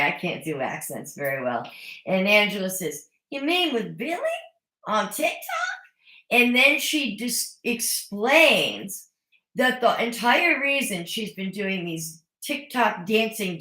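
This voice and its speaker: A woman's voice: mid-range voice, animated, measured pace, sharp tone, roomy sound. A woman recapping a reality show in a casual, chatty way, opinionated with sarcastic asides. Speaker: recap vlogger. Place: home.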